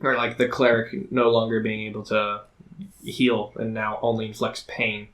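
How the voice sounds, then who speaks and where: Chatty guy on a podcast, bright forceful voice, rambles with fillers. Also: on the low side, little pitch movement, normal speed. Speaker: podcast co-host and dungeon master. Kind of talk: casual podcast chat.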